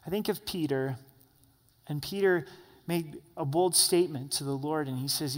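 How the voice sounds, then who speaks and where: A man preaching a sermon as pastor of a church, emphatic at times and soft and quiet at others. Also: a little high, normal speed. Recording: long hall reverb.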